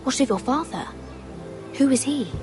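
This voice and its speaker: An actress playing a gentle, sympathetic young noble lady in a video game, speaking earnestly. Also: high-pitched, expressive, normal speed, music in the background. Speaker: game character. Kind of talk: voiced video game dialogue.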